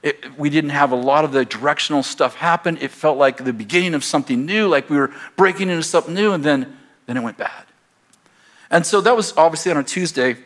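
A pastor telling a personal story in a sermon, acting out both sides of the conversation in an animated way. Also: male voice, fairly high pitch, fairly quick. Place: church.

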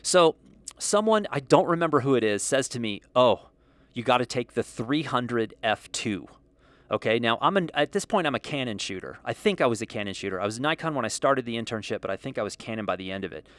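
A man's voice: medium pitch, big pitch swings, fast talker, a bit bright, dry recording. A middle-aged man telling a casual, rambling, self-mocking story about his days as a photographer.

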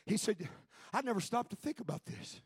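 Pastor, male, high husky voice, fiery Pentecostal preaching, dry close sound. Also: big pitch swings, fairly quick, no echo. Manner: shouted preaching with rising intensity, then quiet storytelling. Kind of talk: Pentecostal sermon.

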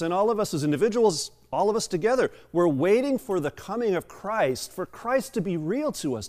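A middle-aged man, a pastor, reading scripture and preaching a sermon with chatty storytelling asides. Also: a little high. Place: church sanctuary. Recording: long hall reverb.

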